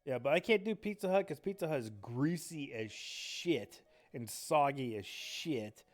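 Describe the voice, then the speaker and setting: A man's voice: medium pitch, measured pace. A man chatting casually while streaming a game, rambling and swearing, with faint game music behind him. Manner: rambling, profane, excitable. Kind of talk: casual chat while gaming.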